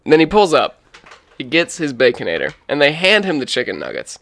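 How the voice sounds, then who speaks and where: A man with a bright, forward voice hosts a loose comedy podcast. He rambles and jumps into goofy character voices as he tells a story. The sound is close and dry. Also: a little high, sing-song, quick pace, no room sound. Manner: rambling, acts out silly voices in stories. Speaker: podcast host. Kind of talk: casual comedic podcast chat.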